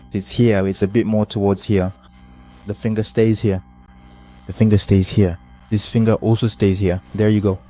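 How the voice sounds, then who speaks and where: A man teaching a bass guitar lesson, explaining hand positions step by step and repeating key points patiently. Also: dark tone. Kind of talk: hands-on instrument lesson.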